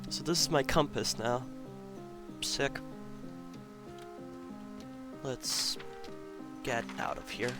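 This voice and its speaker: A man's voice: medium pitch, very slow, pauses often. A man giving offhand, joking let's play commentary while he plays, over game music. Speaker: gaming commentator.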